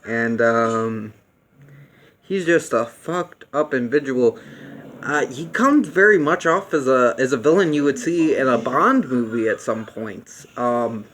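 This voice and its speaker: A young man reviews a movie casually out loud, rambling with plenty of fillers and restarts. He gets excited about the parts he likes, speaking in a mid-range voice at a measured pace.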